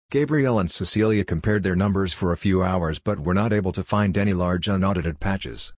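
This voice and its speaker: Male audiobook narrator, deep husky voice, steady measured delivery, dry close recording. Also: dry recording.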